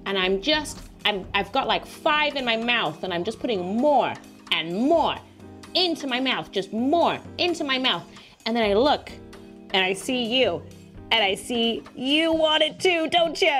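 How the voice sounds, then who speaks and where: High-pitched woman yelling thru a goofy workout, crude and loud, some music in the back. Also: a little slow. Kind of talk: comic workout and audience banter.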